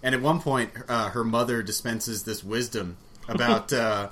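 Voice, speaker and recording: A man in casual, frank conversation about a book, rambling with fillers and quick laughs. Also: mid-range voice, steady tone, bright, forceful tone. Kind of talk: casual chat about books. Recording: faint background noise.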